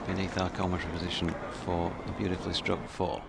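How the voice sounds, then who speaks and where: Gravelly Yorkshire cricket co-commentator. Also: male voice, low voice, little pitch movement, fast, heavy background noise. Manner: descriptive, explains the technique of each delivery. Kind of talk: live sports commentary. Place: commentary position at an outdoor cricket ground.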